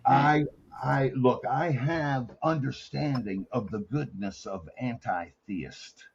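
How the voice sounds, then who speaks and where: A man rambling and effusive in a casual live-stream chat, halting with fillers. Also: medium pitch, creaky, highs cut off, slight background noise. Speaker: panel guest.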